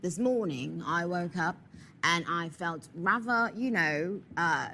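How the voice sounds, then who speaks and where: A woman's voice: lowish voice, lively intonation, takes it slowly, bright, forceful tone, voice pushed down, exaggerated voice. A woman putting on a posh English lady. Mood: affected. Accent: put-on English. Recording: studio audience laughter and noise.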